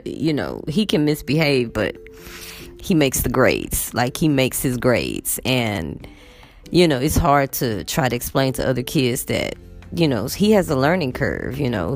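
Low gravelly woman teacher chatting. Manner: chatty, animated storytelling with acted quotes of students. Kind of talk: casual vlog chat.

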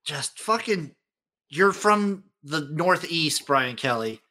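Blunt, bright-voiced male co-host. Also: fairly high pitch, lively intonation, takes it slowly. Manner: laid-back, blunt, swears casually. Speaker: podcast co-host. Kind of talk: casual sports chat.

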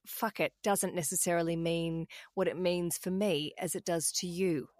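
A woman's voice: fairly low pitch, fairly even intonation, normal speed, a little mellow, dry recording, studio quality. A woman hosting a podcast, chatting casually and self-deprecatingly, swearing freely. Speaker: podcast host.

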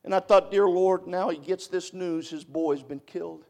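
An older male preacher with a somewhat high voice. He rises into loud, emphatic cries, then drops to a hushed, intimate telling of a story, as in a church sermon. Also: fairly even intonation, moderate pace.

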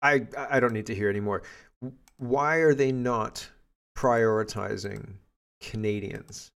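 A man's voice: on the low side, unhurried, creaky, fairly bright tone. A man hosting a podcast, commenting bluntly and with indignation on clips he plays. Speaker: podcast host.

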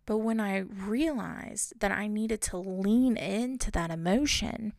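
A woman's voice: medium pitch, slow pace, creaky, a little mellow, no echo, clean studio sound. A young woman talking through her own experiences in a casual, reflective monologue, often asking rhetorical questions. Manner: conversational, asks rhetorical questions.

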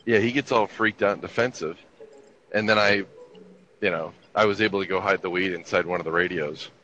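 With a low-pitched, sharp voice that runs a little fast, a man in his fifties trades army tales in easygoing, profane, wry chat. The recording is dull and lo-fi, with faint ambience.

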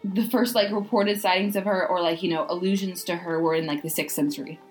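A woman's voice: fairly low pitch, steady tone, brisk, faint music behind, rough recording. An American woman co-hosting a casual podcast, rambling along with lots of filler words. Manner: rambling, full of "like" and "you know". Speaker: podcast co-host.

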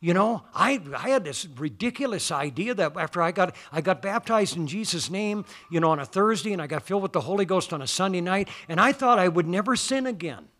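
Male preacher, bright forceful tone, slightly high voice, folksy and emphatic, church sermon. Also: animated, a little fast, hardly any pauses. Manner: folksy, emphatic, rising to loud declarations.

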